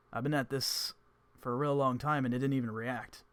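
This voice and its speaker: A man's voice: medium pitch, normal speed, no echo, natural voice. A man doing a brash, slangy bard type. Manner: casual, slangy, excitable. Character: laid-back male musician adventurer, brash.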